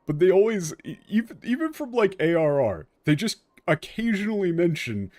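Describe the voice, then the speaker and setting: A man streaming a game, talking casually and ranting in an animated way with frequent restarts. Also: high voice, moderate pace, hardly any pauses, dry recording, soft background music. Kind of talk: casual commentary while playing.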